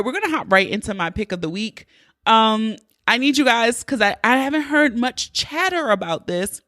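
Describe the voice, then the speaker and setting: A woman's voice: medium pitch, fairly bright tone, no room sound. A woman hosting her own podcast, talking in a playful, chatty and freely profane way into a close mic. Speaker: podcast host. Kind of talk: casual podcast monologue.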